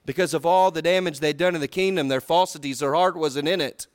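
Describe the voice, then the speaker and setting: A man preaching a sermon, telling a Bible story in a folksy way, swinging between loud, high bursts and low, quiet asides. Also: brisk, dry recording, clean studio sound.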